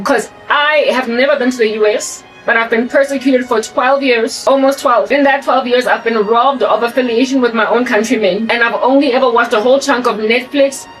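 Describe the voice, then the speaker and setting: A woman's voice: on the high side, recorded from a distance, poor audio. A South African woman whose accent has picked up an American tinge, talking in a rambling, emphatic monologue that repeats and restarts phrases. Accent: South African with American influence. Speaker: channel host. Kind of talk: casual monologue.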